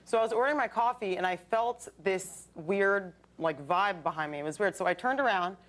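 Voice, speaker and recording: A young woman telling stories as a guest on a late night talk show, in a chatty, animated way. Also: mid-range voice, brisk. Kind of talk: casual chat. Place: television studio with audience. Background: studio audience.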